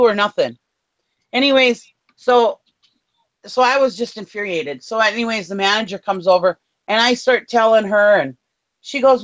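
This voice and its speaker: Woman, mid-pitched, heated storyteller with plenty of cursing, casual chat. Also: moderate pace, muffled recording. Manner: fired-up storytelling, swears freely. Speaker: co-host.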